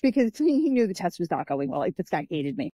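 A woman with a lowish voice, a podcast guest who is an author and martial artist, tells animated stories in a casual interview, acting out the people she quotes. She talks fast and chattily, peppering her speech with "like" and "I'm like." The recording has no echo.

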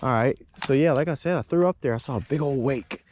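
A man's voice: medium pitch, quick pace, a little mellow, slight background noise. A man, talking casually to the camera while fishing from a small boat on a marsh. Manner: laid-back, chatty, talks to the camera and to the fish. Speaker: fishing vlogger. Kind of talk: casual outdoor vlog commentary.

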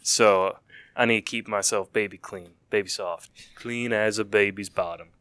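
A man's voice: fairly low pitch, steady tone, moderate pace, a bit bright, smooth, no echo. A teenage boy chatting as a podcast guest, joking and making goofy asides. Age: teens. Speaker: guest, show choir performer. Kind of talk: casual chat.

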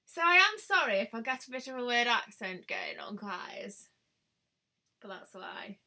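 A woman's voice: on the high side, sing-song, unhurried, vocal fry, pushed and bright. A young woman chatting casually on a live stream as a beauty vlogger, thinking aloud and exclaiming often. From United Kingdom.

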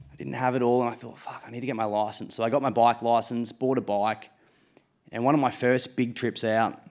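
On stage, a late-twenties Australian man recounts a true story, poking fun at himself casually while swearing and laughing along. His voice is on the low side.

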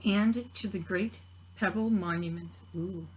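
A woman teacher reading a picture book aloud to preschool children, gently expressive with soft asides to her listeners. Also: medium pitch, measured pace, breathy edge, rough recording. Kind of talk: children's story read-aloud.

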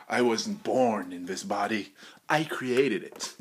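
A man rambling through a crude, joking solo monologue as a podcast host, swinging into loud bursts of mock bravado. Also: sits low, normal speed, slight background noise.

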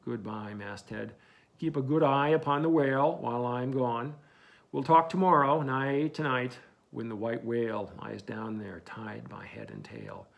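A grim old one-legged whaling captain with a gravelly, rough-edged voice, as a male audiobook reader voices him. He talks in a brooding, solemn way at a middling pitch. It sounds like an audiobook reading. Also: unhurried, lo-fi sound.

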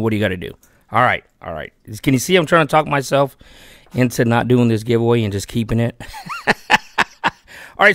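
A man's voice: mid-range voice, no echo, studio quality. A man hosting a fishing channel, chatting casually and eagerly about fishing gear and a giveaway. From Texas. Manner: chatty and excitable, talks himself out of keeping the gear. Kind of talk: casual giveaway vlog talk.

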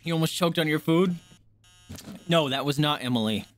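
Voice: mid-range voice, normal speed. A streamer doing live horror gameplay commentary, jumpy and swearing a lot, shrieking at scares and talking straight to the chat. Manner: talks to chat directly.

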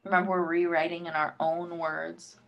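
A woman's voice: on the low side, flat delivery, normal speed, gravelly, lo-fi sound. A woman teacher reading a picture book aloud to young students and coaxing them with questions about what they learned.

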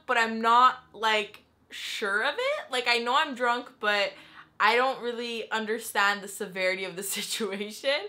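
Young woman vlogging a storytime, bright voice, super chatty, says like a lot. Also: medium pitch. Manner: chatty and animated, heavy use of "like". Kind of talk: casual storytime.

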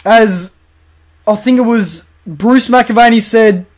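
Excitable young Australian gaming commentator. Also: male voice, high-pitched, slow. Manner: swings from muttered asides to shouted goal calls. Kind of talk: excited play-by-play over a football video game.

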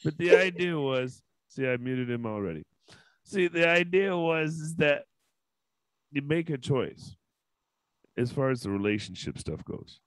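A man's voice: a little high, animated, a little slow, clean tone, no echo, rough recording. A man hosting a casual panel podcast, talking candidly and emotionally with frequent swearing. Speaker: podcast host.

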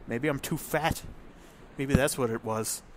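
A man giving casual, rambling commentary while playing a game, profane and excitable. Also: medium pitch, unhurried, noisy background. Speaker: let's play host.

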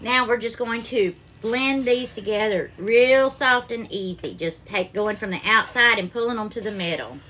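Southern woman, cooking-stream host, high bright voice, faint hiss behind. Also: normal speed, few pauses. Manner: affectionate, calls viewers darling and honey. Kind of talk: live cooking stream, greeting viewers. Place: home kitchen.

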